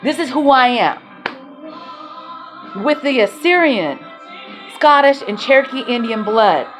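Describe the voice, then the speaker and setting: Woman, raw and emotional storyteller, rambles and swears, slightly high voice, soft music underneath. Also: expressive, unhurried. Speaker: mother telling her life story.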